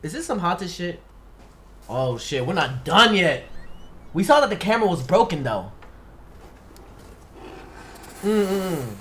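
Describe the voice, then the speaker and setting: A man reacting to a music video, with excited outbursts and halting reading of a fan theory aloud. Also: high-pitched, slight background noise. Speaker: YouTube reactor. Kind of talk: casual reaction commentary. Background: music video playing clearly.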